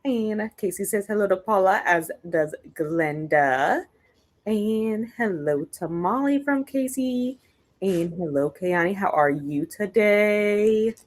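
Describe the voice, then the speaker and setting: A woman's voice: medium pitch, slow. A young adult woman hosting a casual reading livestream, greeting chat viewers by name one after another and chatting about books and her pets. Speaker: readathon livestream host.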